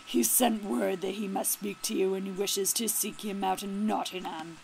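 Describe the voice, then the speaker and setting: A woman voicing a young male outlaw bringing urgent news, in a brisk, raised reading. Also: medium pitch, fairly even intonation, gravelly, darkish tone, a little hiss or hum, natural voice.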